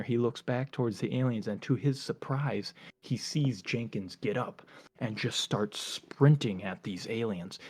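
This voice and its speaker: A male podcast co-host casually retelling a story in animated chat, with frequent filler words. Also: medium pitch, husky.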